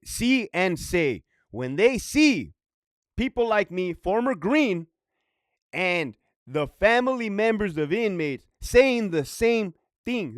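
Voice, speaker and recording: A man's voice: high-pitched, no room sound, studio quality. A man who is a former prison guard, ranting profanely in a casual vlog, rambling and often laughing.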